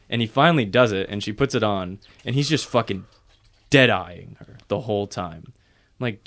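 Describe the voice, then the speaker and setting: Young man, casual podcast storyteller, animated and profane, acts out the other voices. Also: on the low side, moderate pace. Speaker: podcast co-host.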